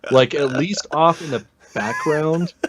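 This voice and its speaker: A man's voice: on the high side, expressive, takes it slowly, a loud crowd. A man co-hosting a casual fan podcast, enthusiastic and profane. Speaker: podcast co-host.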